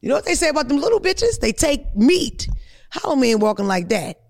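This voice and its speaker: Brief: female comedian-host with a gravelly voice, crude and frank storyteller. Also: high voice, very animated, a little fast. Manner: blunt, profane, storytelling. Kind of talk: casual podcast chat.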